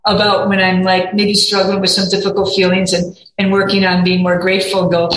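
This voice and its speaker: A woman guest speaks earnestly at a middle pitch, rambling and restarting as she quotes her own thoughts. Her voice carries a roomy echo with a faint hum behind it. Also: completely flat delivery, fairly quick, fairly bright tone. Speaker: podcast guest. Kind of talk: casual chat.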